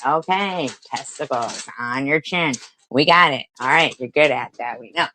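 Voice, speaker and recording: A woman's voice: extremely low pitch, moderate pace, bright, forceful tone, slight background noise. A woman streamer giving mocking reaction commentary, crude and profane, laughing at her own jokes.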